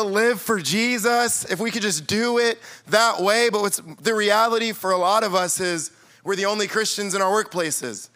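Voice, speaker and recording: A man's voice: sits high, moderate pace, bright, forceful tone. A man, a youth pastor, preaching a sermon and telling stories with playful acted-out quotes in a church. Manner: storytelling, playfully acts out quotes. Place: church sanctuary.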